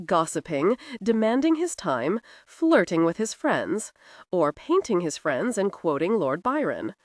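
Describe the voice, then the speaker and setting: A woman narrating a historical romance audiobook in an expressive, dramatic reading. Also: mid-range voice, dry recording, clean studio sound.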